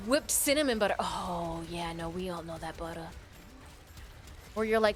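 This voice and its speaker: A woman's voice: lowish voice, lively intonation, moderate pace, long pauses. A woman from Michigan streaming a game, chatting playfully with her viewers and reading out their names. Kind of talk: casual live-stream chat. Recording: faint game music behind.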